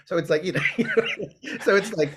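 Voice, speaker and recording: A man's voice: high voice, normal speed, fairly bright tone, slight background noise. A man in his forties, a guest on a comedy podcast, talking in an easygoing, rambling way and laughing into his stories. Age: 40s. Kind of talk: casual comedic chat.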